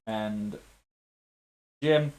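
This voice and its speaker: A man's voice: lowish voice, very slow. Playful man running a tabletop game. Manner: animated, playful, makes sound effects. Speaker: game master.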